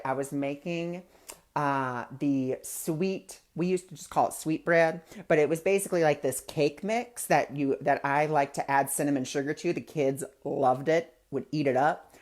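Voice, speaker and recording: A man's voice: a little high, normal speed. A man hosting a weekly spiritual discussion, talking casually and telling personal anecdotes. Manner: chatty, anecdotal, conversational. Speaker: spiritual talk host. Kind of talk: casual spiritual teaching talk.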